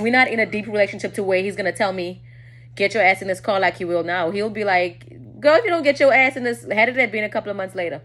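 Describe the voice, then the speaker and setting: A woman telling a personal story to her viewers in a candid, casual way, often dropping low and quiet.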